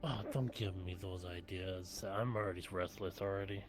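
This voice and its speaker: A man's voice: low-pitched, normal speed, faint music behind. A man chatting in character during an online roleplay session, casual and laughing often, with plenty of swearing. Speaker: roleplay streamer.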